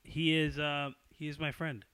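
An excitable young man from New York hosts a loose podcast chat, swearing freely and laughing loudly. His voice sits a little high and sounds bright and forceful. The recording is close and dry. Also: moderate pace, smooth, no echo. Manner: excitable, swears often, bursts into loud laughter. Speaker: podcast host.

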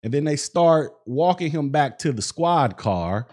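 A man's voice: on the high side, expressive, unhurried, a little mellow. A man hosting a podcast, recounting events in casual commentary with lots of fillers. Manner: conversational, recounts events with many fillers and acted-out quotes. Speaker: podcast host.

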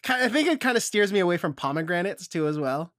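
A man's voice: high-pitched, animated, fast talker, fairly bright tone, dry recording, clean studio sound. A man co-hosting a food podcast, chatting casually and joking about himself, laughing often. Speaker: podcast co-host. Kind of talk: casual chat.

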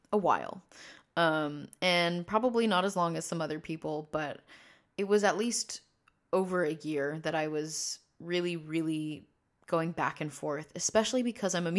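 This podcast host is a trans man in his early twenties who wanders through his thoughts with lots of fillers, false starts and side tracks. He uses a fairly high, self-trained voice that comes across a bit bright.

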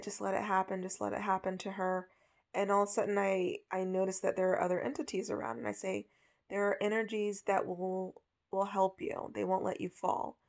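A woman hosting a podcast, telling a story in a casual, chatty way with lots of fillers. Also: mid-range voice. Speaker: podcast host.

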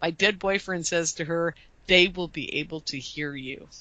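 A woman guest telling a lively story in an interview, acting out the voices of the people she quotes. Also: moderate pace, dry recording. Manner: lively, acts out quoted dialogue with raised pitch. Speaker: guest, UFO conference producer.

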